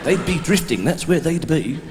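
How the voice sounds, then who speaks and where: Male stand-up comic, animated delivery, live hall sound. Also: on the high side, moderate pace. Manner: animated, shouting out mock instructions. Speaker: comedian. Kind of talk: stand-up routine. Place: live comedy stage. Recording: live hall reverb with background noise.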